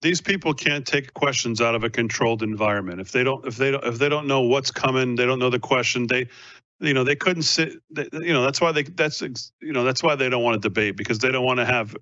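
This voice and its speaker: A man's voice: mid-range voice, brisk, bright, forceful tone, no echo, muffled recording. A man co-hosting a casual political talk show, repeating himself as he builds a point. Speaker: co-host.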